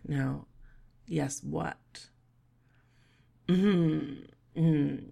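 A young woman in a whispered role-play, teasing and bossy in her delivery, with a deep, gravelly voice. She takes her time over every phrase, and a husky breath sits under her words. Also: lively intonation, slow pace, long pauses. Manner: teasing, playful and bossy, with soft laughs and murmurs. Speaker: audio role-play performer.

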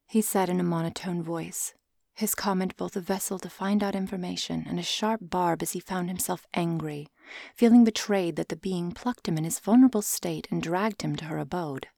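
A woman narrating a story in a soft, often half-whispered voice. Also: lowish voice, vocal fry, no room sound, clean studio sound.

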